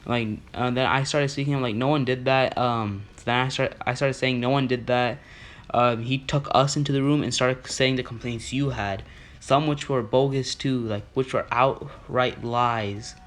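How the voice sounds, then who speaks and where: A young man tells a long school story in a casual vlog. His delivery rambles, full of filler words and restarts, at an average pitch for a man. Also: steady tone, normal speed, fairly bright tone. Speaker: student telling a school story.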